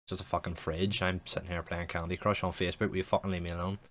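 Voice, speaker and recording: A man's voice: low voice, flat delivery, racing, fairly bright tone, a little hiss or hum. Irritable wife, dismissive, sweary, played by a man. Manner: dismissive, profane.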